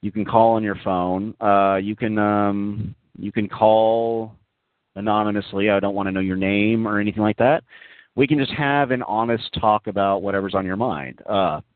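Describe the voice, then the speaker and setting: Man, call-in show host, low voice, mocking, profane, rambling, tinny phone-line sound. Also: moderate pace, dry recording. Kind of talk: casual call-in talk show.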